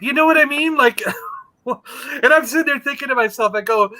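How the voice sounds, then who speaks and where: A man chatting casually on a show, telling an animated story and acting out the quotes. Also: very high voice, normal speed. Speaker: podcast co-host. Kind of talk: casual chat.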